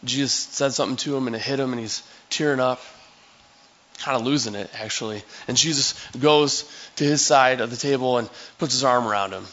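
A man's voice: medium pitch, a little fast, fairly bright tone, muffled recording. Man preaching a storytelling sermon. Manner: conversational storytelling, acting out scenes. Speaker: pastor.

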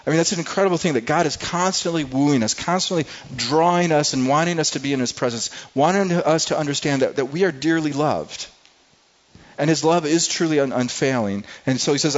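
A man's voice: fairly high pitch, brisk, muffled recording. A man preaching a sermon as pastor, earnest and often repeating words as he goes.

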